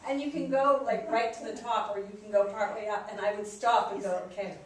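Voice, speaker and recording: A woman's voice: mid-range voice, steady tone, a little fast. A woman, a psychiatrist guest, telling a personal story with lots of laughter. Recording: echoey room from a distant mic with background noise.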